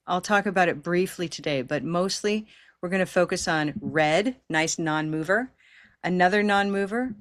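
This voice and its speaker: Woman, pronunciation teacher on a video call; patient, encouraging, lowish pitch, dry sound. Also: fairly bright tone, dry recording. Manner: patient, encouraging, models long held vowels. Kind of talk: online class teaching.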